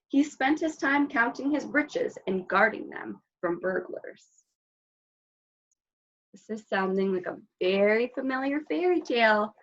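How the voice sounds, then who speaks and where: A woman librarian reading a picture book aloud at children's story time, expressive, with asides to the children. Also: mid-range voice, muffled recording.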